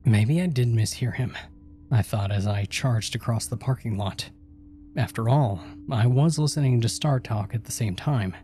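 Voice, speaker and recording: A man's voice: fairly low pitch, warm tone. A man reading first-person horror stories aloud and voicing the characters in the dialogue. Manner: voices each character in dialogue. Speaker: horror story narrator. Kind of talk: scripted horror narration.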